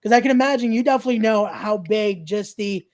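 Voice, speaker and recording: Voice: medium pitch, fast talker, darkish tone. A podcast host from New York, chatting casually, rambling and plugging an upcoming event between laughs. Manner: rambling, promotional, laughs often.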